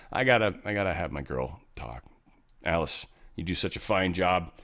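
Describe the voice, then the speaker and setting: A man's voice: sits low, expressive, moderate pace, a bit bright. A man hosting a casual political commentary show, rambling with frequent fillers and restarts. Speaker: show host.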